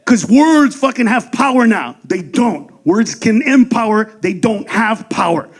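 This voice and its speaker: A man doing a stand-up comedy set on stage, loud and crude, shouting his punchlines into a handheld mic. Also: high voice, animated, unhurried. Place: comedy stage before a live audience.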